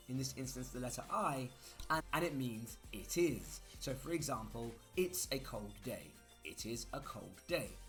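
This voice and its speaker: A man's voice: medium pitch, a bit bright. A man teaching grammar in a chatty way, spelling words out letter by letter. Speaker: English teacher. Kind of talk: grammar lesson.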